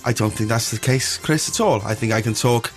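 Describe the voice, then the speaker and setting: A man's voice: mid-range voice, brisk, soft background music. A man on a radio show, telling playful anecdotes and bantering with the host. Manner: anecdotal, playful, mock-indignant.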